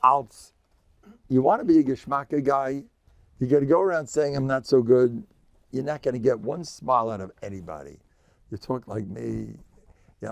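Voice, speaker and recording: An older man a gravelly voice, a rabbi giving an informal lecture, joking, boastful and self-mocking. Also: medium pitch, no room sound. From United States.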